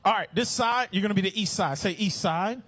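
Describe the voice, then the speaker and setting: A man working as an event MC, shouting playfully to a crowd of kids and running call-and-response games. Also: sits high, fairly quick, slight background noise. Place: outdoor stadium fan event.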